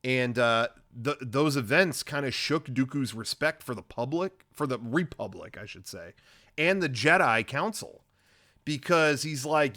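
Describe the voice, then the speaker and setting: A man's voice: mid-range voice, lively intonation, a little slow, sharp tone. A man hosting a podcast, retelling a story in a loose, rambling way, full of swearing and slang, with offhand quoted lines. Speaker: podcast host. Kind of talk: casual comedic recap.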